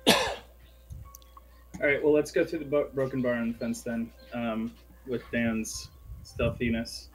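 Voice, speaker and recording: A man's voice: medium pitch, little pitch movement, slow, long pauses, a bit bright, faint music behind, rough recording. A man playing a tabletop game, chatting casually and planning moves with the group. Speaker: player.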